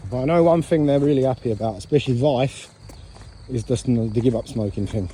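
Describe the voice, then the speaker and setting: A British man with a warm, relaxed voice talks to camera, chatty and self-mocking, drifting from one thought to the next. He walks outdoors at night, with faint crickets and insects behind him. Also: medium pitch, brisk, a little hiss or hum. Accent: British English. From England, raised there from about age four. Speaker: travel vlogger. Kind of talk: casual rambling vlog talk. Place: outdoors at night on an island path, walking.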